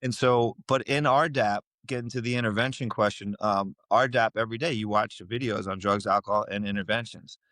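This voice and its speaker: Low-voiced man telling his story. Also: fairly quick, hardly any pauses, no echo. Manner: animated storyteller, acts out quoted voices. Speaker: podcast guest. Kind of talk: storytelling in a casual interview.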